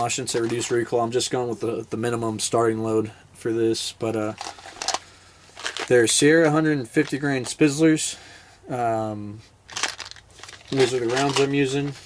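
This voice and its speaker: A man's voice: mid-range voice, noisy background. Laid-back rambling veteran man. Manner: rambling, laid-back, many fillers and restarts. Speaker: military veteran hunter. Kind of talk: casual storytelling vlog.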